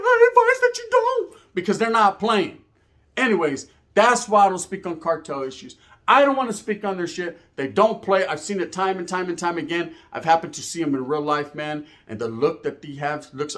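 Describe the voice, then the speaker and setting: A man's voice: high voice, fairly bright tone. A young man telling a personal story to camera in streetwise slang, full of profanity and "right?" tags. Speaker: YouTube storyteller.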